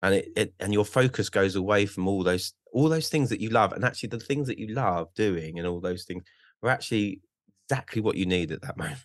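A man's voice: on the low side, expressive, fairly quick, no room sound, clean studio sound. A man talking as a podcast guest in a casual chat, hesitant, with many restarts and frequent swearing.

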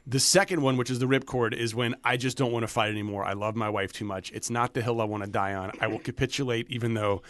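A man co-hosting a podcast with his wife, chatting casually with quick, joking comebacks. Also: medium pitch, steady tone, fairly bright tone, no echo. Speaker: podcast co-host.

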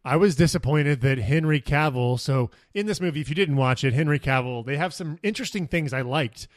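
A man co-hosting a laid-back movie review chat, his voice sitting a little high for a man. He recaps scenes with an excitable, storytelling energy. The sound is close and dry. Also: fairly quick, no room sound. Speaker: podcast co-host.

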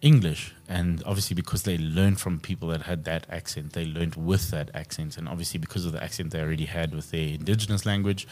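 A man's voice: sits low, steady tone, fast talker, few pauses, a little mellow. A South African man co-hosting a casual podcast, telling stories with lots of swearing and joking. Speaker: podcast co-host. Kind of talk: casual chat.

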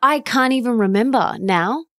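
A woman hosting a podcast in casual conversation, animated and quick to laugh. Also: a little high, crowd noise. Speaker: podcast host.

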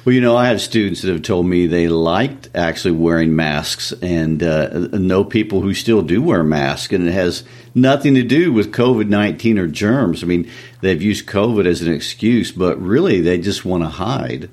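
A male teacher joining a poetry discussion, relaxed and measured, chuckling between points. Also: low-pitched. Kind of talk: conversational lesson discussion.

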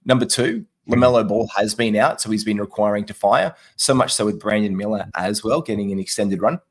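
A young adult man co-hosting a podcast in casual chat, telling stories in a chatty, animated way. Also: fairly low pitch, slightly rough. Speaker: podcast co-host.

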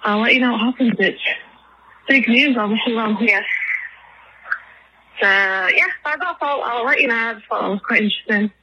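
A woman's voice: a little high, moderate pace, long pauses, pushed and bright, a little hiss or hum, poor audio. A woman from England leaving a rambling phone voicemail for a podcast while out of breath from walking her dog. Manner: rambling, lots of ums and likes. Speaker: caller.

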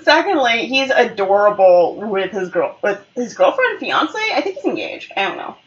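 A woman co-hosting a casual chat podcast, retelling a show in an expressive, playful way and swearing freely. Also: medium pitch, normal speed, far from the mic, dull audio. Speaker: podcast co-host. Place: at home on a couch.

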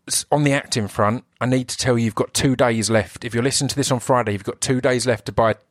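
Talking fast in a medium-pitched voice with fairly even intonation, this Essex-accented actor kicks off his own podcast solo. He's enthusiastic and rambling, interrupting himself often, and the recording is dry and studio quality.

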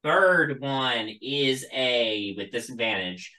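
A game master running a tabletop game, halting and full of ums as the rolls come in. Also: mid-range voice, expressive, sharp tone, echoey room, rough recording. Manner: halting, lots of ums and likes.

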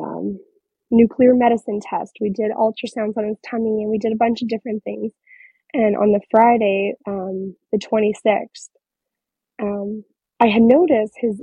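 A woman in her thirties, a guest telling a personal story in an interview, speaking haltingly with many fillers. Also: medium pitch, creaky, warm tone, husky, dry recording. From Northern Ontario, Canada. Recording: slightly muffled recording.

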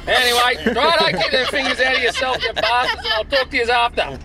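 A man's voice: very high-pitched, sing-song, brisk, bright, forceful tone, a little hiss or hum, poor audio. An Australian man leaving a cheery, blokey joke-telling voice message from a car. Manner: cheery, blokey yarn-spinning.

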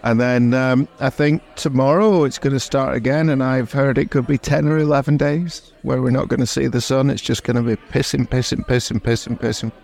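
A man's voice: medium pitch, fairly even intonation, a little fast, gravelly, hardly any pauses, darkish tone. A man co-hosting a comedy podcast in loose, casual chat. He rambles and swears cheerfully, with a middling voice. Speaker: podcast co-host.

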